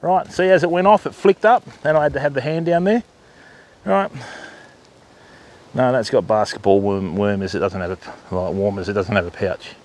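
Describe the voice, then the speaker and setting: A man's voice: medium pitch, normal speed, darkish tone. A man hosting a casual outdoor livestream at a wildlife park, coaxing the animals in a sing-song voice.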